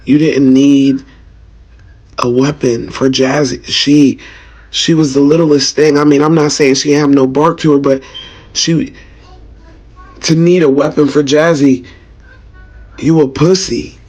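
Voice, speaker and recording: Husky, rambling grief-stricken man. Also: on the high side, steady tone, measured pace, long pauses, darkish tone. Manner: rambling, hesitant, angry and profane. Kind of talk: emotional casual vlog talk.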